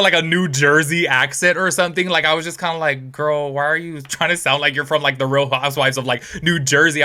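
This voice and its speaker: A man hosting casual commentary, talking in a chatty, animated way and calling out to his viewers. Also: a little high. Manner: chatty, animated, heavy use of "like" and "y'all". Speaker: YouTube commentary host.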